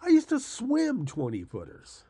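Sarcastic older man with a husky voice. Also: extremely high pitch, huge pitch swings, measured pace, warm tone, no echo. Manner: sarcastic, rambling, often laughing; profane and angry. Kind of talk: casual ranting monologue.

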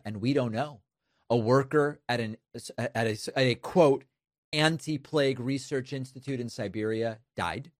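A man's voice: mid-range voice, a little slow, no echo, studio quality. A man hosting political commentary, emphatic and incredulous, with a sarcastic edge. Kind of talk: casual spoken commentary.

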